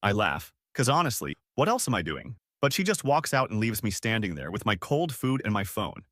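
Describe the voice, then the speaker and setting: A man's voice: fairly low pitch, big pitch swings, fairly quick, a bit bright, dry recording, clean studio sound. A man in his twenties narrating his own story in a casual, slangy first-person style. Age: 20s. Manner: casual, slangy, spelled-out abbreviations.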